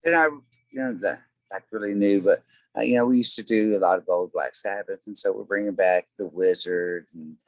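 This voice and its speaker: Low-voiced man telling rambling stories. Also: normal speed, dry recording, poor audio. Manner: rambling storyteller, many fillers. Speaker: guest, tribute band singer. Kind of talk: casual interview chat.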